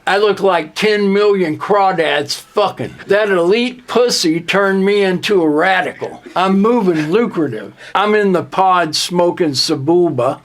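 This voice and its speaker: A young man delivering an absurd, deadpan, boastful comedic monologue in the manner of a rap persona. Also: high-pitched. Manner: deadpan boastful non sequiturs, slow drawl.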